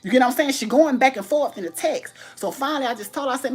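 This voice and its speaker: A woman's voice: high voice, fast, hardly any pauses, faint music behind. A woman in a casual livestream vlog, animatedly retelling a phone argument. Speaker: livestream host. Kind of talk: casual storytelling rant.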